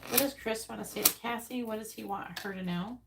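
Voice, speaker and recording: A woman's voice: on the high side, a little fast, creaky, heavy background noise. Blunt, casual woman reading tarot. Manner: casual and blunt, swears, repeats questions to the cards. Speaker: tarot reader. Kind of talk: live-stream tarot reading.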